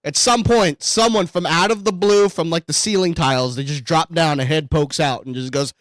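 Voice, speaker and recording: A man co-hosting a podcast in casual banter, animated, laughing often and swearing a lot. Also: a little high, moderate pace, dry recording. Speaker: podcast co-host.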